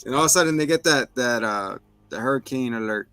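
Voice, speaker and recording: A man casually recapping a TV episode, acting out characters in sudden high voices, laughing and swearing often. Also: quick pace, hardly any pauses, clear, resonant tone, no room sound, soft background music. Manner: animated, acts out characters in bursts of high voices. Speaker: podcast co-host recapping a TV episode. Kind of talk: casual chat.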